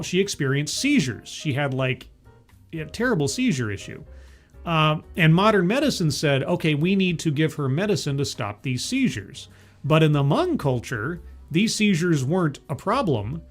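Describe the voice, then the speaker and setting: Rambling jokey man with faint music behind. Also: a little high. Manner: rambling, jokey asides, many fillers and restarts. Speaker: commentator reacting to a talk. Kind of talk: casual reaction commentary.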